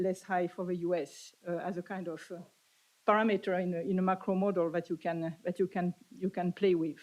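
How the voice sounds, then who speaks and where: A middle-aged woman with a French accent giving an academic conference talk, speaking haltingly with many fillers and restarts. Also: medium pitch, darkish tone, low-quality recording.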